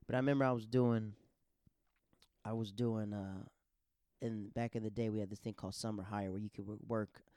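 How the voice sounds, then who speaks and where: A man hosting a podcast, telling stories in a casual, animated, slangy way and acting out the quotes. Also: lowish voice, moderate pace, long pauses, smooth, no echo. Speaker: podcast host. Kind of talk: casual storytelling.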